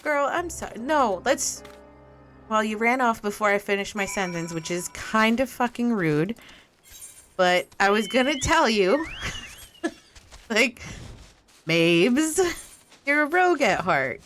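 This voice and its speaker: A woman's voice: on the high side, expressive, slow pace, long pauses, fairly bright tone, faint music behind. A young woman streaming a game in casual, sassy chat, laughing often and talking back to the characters.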